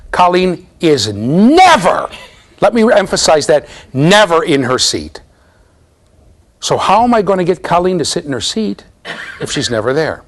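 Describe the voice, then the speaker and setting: A middle-aged man lecturing a large university class, playful and animated, talking straight to his students as he runs a live demonstration. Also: fairly high pitch.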